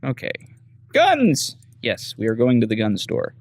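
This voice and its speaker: Gravelly man's casual gameplay commentary. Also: fairly low pitch, fairly even intonation, a little fast, a little mellow. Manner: casual, reads menu text aloud, muttering asides. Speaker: gameplay host. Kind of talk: casual let's-play commentary.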